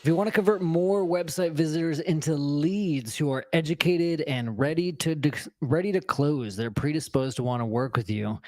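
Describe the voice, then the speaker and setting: A man's voice: a little high, normal speed, hardly any pauses, a little mellow. A man co-hosting a live marketing show, upbeat and friendly in casual chat with a few fillers.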